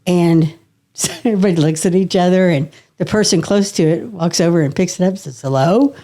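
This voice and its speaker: A middle-aged woman tells a story with lively energy and frequent laughter, her voice sitting a little low. She lets a swear word slip now and then in a relaxed, casual podcast chat. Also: a little fast. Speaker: podcast guest.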